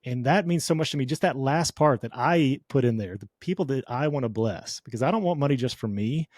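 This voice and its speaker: Male guest, mid-pitched, dry close mic, earnest and motivational. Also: lively intonation, fairly quick, a little mellow, no room sound. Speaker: podcast guest, business owner. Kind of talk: casual faith-focused conversation.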